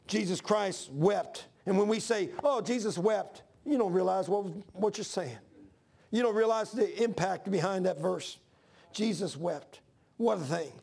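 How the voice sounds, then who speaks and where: A man's voice: high voice, creaky, a little mellow. A man in his sixties preaching a folksy, repetitive sermon to his church. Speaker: pastor.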